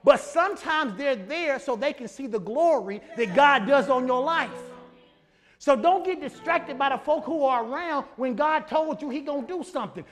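High-voiced man preaching with fire. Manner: animated preaching, folksy, rising to shouts. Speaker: pastor. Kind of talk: sermon.

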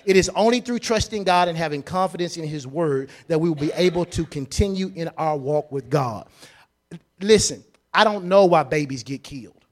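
A high-voiced man preaches a sermon. He repeats his phrases and swings between hushed asides and loud, emphatic declarations. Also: normal speed. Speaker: pastor.

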